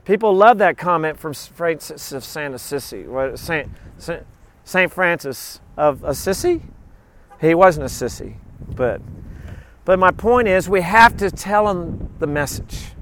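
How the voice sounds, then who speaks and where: A middle-aged man preaching a sermon, reading scripture aloud and breaking into animated, joking asides. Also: on the high side, unhurried, a little hiss or hum. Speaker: pastor.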